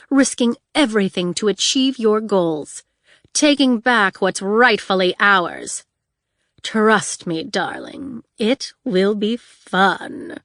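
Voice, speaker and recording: A woman's voice: medium pitch, no room sound, studio quality. A woman voicing a flamboyant, vain female supervillain who talks in a theatrical drawl. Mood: coaxing. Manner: drawling, theatrical, drawn-out words.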